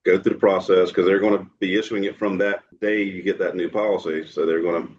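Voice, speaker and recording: A man's voice: low-pitched, little pitch movement, fast talker, a little mellow, highs cut off, slight background noise. A man as a guest expert, explaining insurance matters in a plain, matter-of-fact way. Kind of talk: casual podcast interview.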